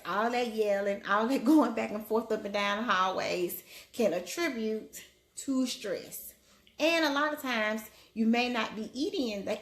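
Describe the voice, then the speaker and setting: A woman's voice: fairly high pitch, fairly bright tone. A woman, a family doctor, chatting casually on a live stream and greeting viewers by name in a lifted voice. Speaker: family medicine physician hosting a live stream. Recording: roomy echo.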